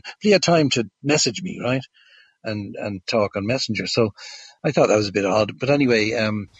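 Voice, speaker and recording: As a guest, a man tells a long story casually, hesitating with many fillers and restarts. His voice is lowish and animated with a breathy edge, at normal speed, on a dull lo-fi recording.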